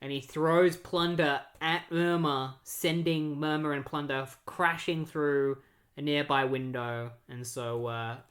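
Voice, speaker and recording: A comic book reviewer talks through a storyline in a loose, chatty recap. The voice sits at a middling pitch and keeps stopping and restarting with fillers. Now and then it slips into characters' lines while recounting the plot. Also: fairly even intonation, a little slow, fairly bright tone.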